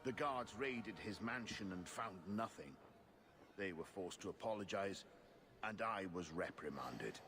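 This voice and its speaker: An actor voicing a determined male investigator who speaks in a measured, formal way. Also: fairly low pitch, lively intonation, noisy background. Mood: earnest.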